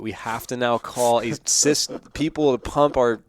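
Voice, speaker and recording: A man who grew up in Iran, a podcast guest talking about parenting in an excitable, animated way. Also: mid-range voice, measured pace, dry recording. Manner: excitable, animated, laughs often. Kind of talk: casual interview chat.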